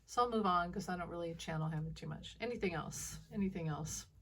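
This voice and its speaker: A woman with a fairly low voice talks through intuitive readings in casual commentary. She rambles and breaks off mid-word to restart. She laughs often as she goes. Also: a little fast, a bit bright, far from the mic, slight background noise. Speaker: intuitive reader.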